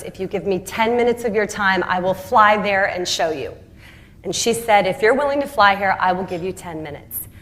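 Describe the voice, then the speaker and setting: A middle-aged woman telling her founder story as a lively speech, acting out the voices of people she quotes and laughing often. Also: mid-range voice. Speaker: entrepreneur and speaker.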